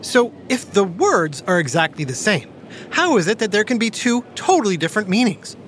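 A woman hosting a playful kids' educational podcast, talking like an animated storyteller. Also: mid-range voice, normal speed, a little hiss or hum. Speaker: host.

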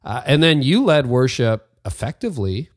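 A man hosting a podcast interview, asking measured, thoughtful questions and offering short affirmations. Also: medium pitch, big pitch swings, dry recording, clean studio sound. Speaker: podcast host. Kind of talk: interview conversation.

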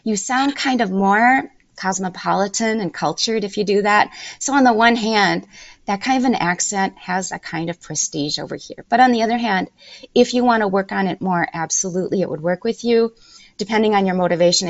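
A middle-aged woman giving measured, emphatic interview answers and laying out her points in order as a language-learning guest. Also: medium pitch, no echo, muffled recording.

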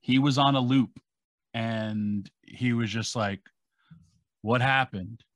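A man's voice: medium pitch, takes it slowly, no room sound. Dry-sounding man retelling a story. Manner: animated, acting out quotes. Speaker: podcast co-host. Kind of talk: casual storytelling.

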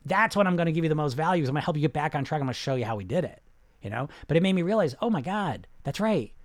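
A man's voice: fairly high pitch, lively intonation, very fast, no echo. A middle-aged man, a weight-loss coach hosting a casual live question-and-answer talk, rambling with many restarts in an emphatic, salesy way.

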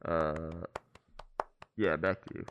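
A man's voice: extremely low pitch, steady tone, slow, dull audio, pitched below the performer's own voice. A man playing a rambling, fed-up traffic reporter. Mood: griping. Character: jaded male helicopter traffic reporter.

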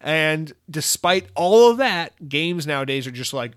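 A man's voice: mid-range voice, lively intonation, moderate pace, few pauses, a bit bright. Profane, exasperated man ranting about games. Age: adult. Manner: profane, exasperated, acts out quoted exchanges. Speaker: gaming news host. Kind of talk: casual ranting commentary.

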